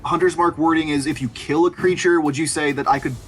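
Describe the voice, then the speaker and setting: A man's voice: on the high side, steady tone, quick pace, a bit bright, faint music behind. A man with a headset, a player in an online tabletop game, eagerly describing his character's attacks in vivid detail.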